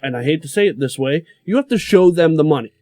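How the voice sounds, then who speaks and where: Male co-host, joking tone, slightly higher voice, dry sound. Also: expressive, quick pace, a little mellow, no room sound. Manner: joking, teasing. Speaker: podcast co-host. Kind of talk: casual tech podcast chat.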